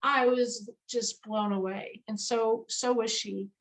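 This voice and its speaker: Animated high-voiced woman storyteller. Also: takes it slowly, poor audio. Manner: animated, emphatic storyteller with fillers. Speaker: guest animal communicator. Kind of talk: storytelling in an interview.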